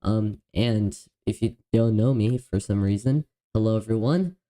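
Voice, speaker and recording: A man hosting a live stream in casual chat, excitable and apologetic, often stumbling over his words and laughing. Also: lowish voice, a little slow, rough recording. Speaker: livestream host.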